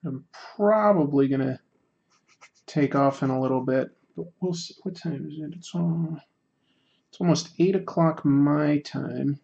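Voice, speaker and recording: Casting: American man on a livestream, fairly high voice, loose and self-mocking, on lo-fi stream audio. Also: unhurried, creaky, a little mellow. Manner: joking, self-mocking, rambling with restarts. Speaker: streamer drawing while chatting. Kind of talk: casual livestream chat.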